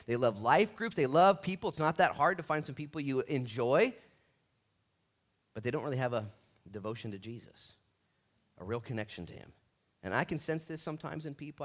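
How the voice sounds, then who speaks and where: This is a middle-aged pastor giving an animated sermon in a medium-pitched voice. He performs the voices of the figures in the story as he goes.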